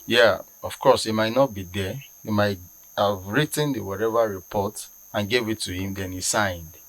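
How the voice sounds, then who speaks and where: A man's voice: on the low side, normal speed, a bit bright, dry recording. A man with a Nigerian accent arguing indignantly on a studio talk panel, pressing his points with emphatic outbursts. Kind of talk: heated studio discussion.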